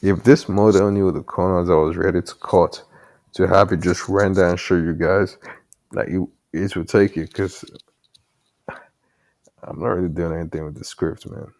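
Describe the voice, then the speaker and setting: A man's voice: low voice, fairly even intonation, moderate pace, darkish tone. A man with an African accent, rambling casually to himself while coding late at night, with many fillers and mild cursing, his headset mic sitting far from his mouth. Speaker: developer vlogger. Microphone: headset mic held far from mouth.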